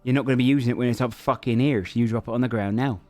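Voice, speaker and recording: A man voicing a loud, coarse halfling gang thug who shouts and uses slang. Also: mid-range voice, steady tone, rapid-fire, soft background music, lightly acted. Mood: threatening.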